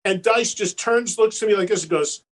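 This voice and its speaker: A man's voice: sits high, fairly quick. A man who is a guest on a talk show, telling a story at length and acting out the people in it. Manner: animated storyteller, fond of quoted voices. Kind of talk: casual storytelling.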